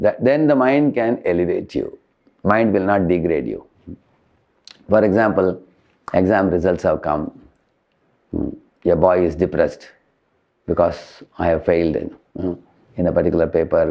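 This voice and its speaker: Guy teaching spiritual stuff, deep gravelly voice, keeps going huh?, muffled dull recording. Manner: tags points with questioning "huh?"; explains with everyday analogies. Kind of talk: lecture to college students.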